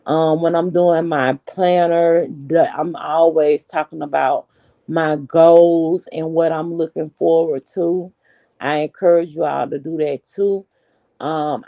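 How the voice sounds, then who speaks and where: Woman in her 40s chatting on a live stream, aave, low mellow voice, slow and dry. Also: gravelly, no echo, highs cut off. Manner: chatty, unhurried, talks straight to viewers. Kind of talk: casual live-stream chat.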